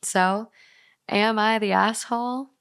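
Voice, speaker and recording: A woman co-hosting a casual podcast, reading a story aloud in a brisk, playful way. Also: medium pitch, fairly even intonation, a bit bright, clear, resonant tone, no room sound, studio quality. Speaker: podcast co-host.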